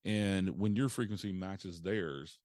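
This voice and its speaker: Deep-voiced man explaining calmly. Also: slow, no room sound, studio quality. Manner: explanatory, steady, frequent fillers. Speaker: paranormal investigator guest. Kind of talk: casual interview conversation.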